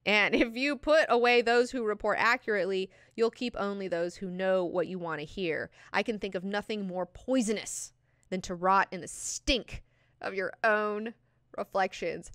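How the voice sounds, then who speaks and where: A cool, cutting noble mother who delivers rebukes in a measured, lofty tone. A woman voices her close to her own voice. The sound is smooth, resonant and dry. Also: medium pitch, fairly bright tone, no echo, close to an everyday voice.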